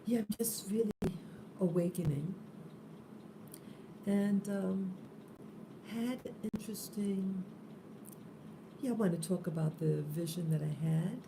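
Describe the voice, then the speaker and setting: Just awake, a woman speaks slowly and softly on an early morning spiritual live stream, her low voice gravelly with vocal fry and drowsy. She holds her phone close in a room with an open window, and steady noise runs underneath.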